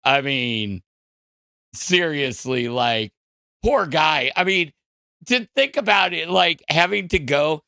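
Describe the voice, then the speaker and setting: A man's voice: a little high, expressive, slow pace, creaky, sharp tone, no room sound, studio quality. A man hosting a podcast, ranting casually with lots of profanity, fillers and restarts. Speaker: podcast host. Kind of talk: casual crude podcast rant.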